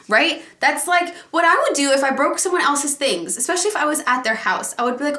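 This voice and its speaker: A woman vlogger chatting casually to viewers at home, animated and ranting about a pet peeve. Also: high voice, a little fast, hardly any pauses, a little hiss or hum. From Alaska. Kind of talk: casual vlog chat. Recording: echoey room.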